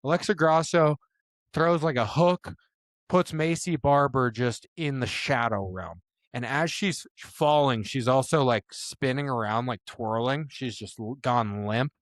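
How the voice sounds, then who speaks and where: A young man co-hosting a sports podcast, telling stories in loose, animated chat with laughs and swearing. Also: mid-range voice, measured pace, no echo, studio quality. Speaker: podcast co-host.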